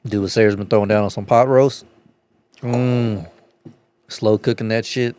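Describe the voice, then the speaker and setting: A man co-hosting a comedy podcast, telling crude stories in profane casual banter, laughing often and acting out other voices with big jumps in pitch. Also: steady tone, measured pace, darkish tone, smooth. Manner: profane storyteller, laughs through his stories. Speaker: podcast co-host. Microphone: podcast studio mic.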